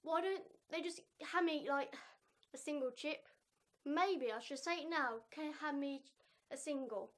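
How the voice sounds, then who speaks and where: A young woman talking casually in a reaction vlog, animated and self-mocking, laughing often. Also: high voice. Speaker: vlogger.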